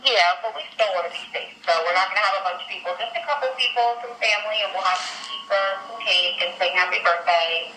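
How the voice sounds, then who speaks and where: A woman's voice: medium pitch, fast talker, hardly any pauses, pushed and bright, reverberant, a little hiss or hum. A woman talking with her young child on a casual phone call, patient and reassuring.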